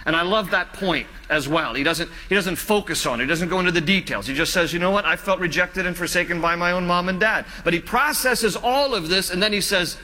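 A male pastor preaches with a fairly high, bright voice, pleading earnestly and letting his lines fall quiet at the ends. The sound carries a long church hall reverb behind him. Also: a little fast, few pauses. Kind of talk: sermon.

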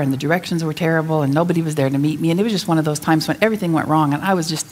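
A woman speaking to an audience, telling a story in an animated, laughing way. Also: on the low side.

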